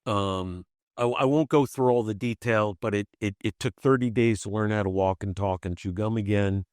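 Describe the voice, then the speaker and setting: A man, a podcast guest, telling a personal story in conversation, halting and repeating himself as he restarts phrases, and acting out the voices he quotes. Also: lowish voice, dry recording, clean studio sound. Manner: animated, acts out quoted voices.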